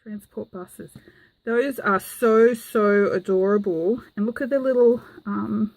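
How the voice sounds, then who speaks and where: Speaking slowly at a medium pitch, she has a darkish tone, with no room sound at all. This enthusiastic craft vlogger gushes over mail she's received in a casual show-and-tell, saying "um" often.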